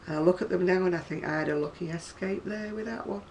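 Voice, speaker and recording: A woman's voice: on the low side, fast talker, a little mellow, recorded from a distance, slight background noise. A woman in her sixties with a northern English accent, chatting casually and rambling to camera about her crafts, often laughing. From North West England. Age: 60s. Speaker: craft seller.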